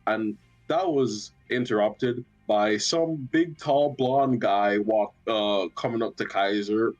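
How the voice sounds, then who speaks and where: A man's voice: fairly low pitch, takes it slowly, dull audio, faint music behind. A young man casually recapping a tabletop game session, rambling and joking with lots of swearing. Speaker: tabletop player.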